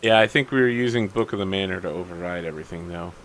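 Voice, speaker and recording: A man running a tabletop game as game master, talking casually and jokingly in a fairly low voice. Faint background noise sits under his voice. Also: a bit bright. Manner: casual, quick, joking narration.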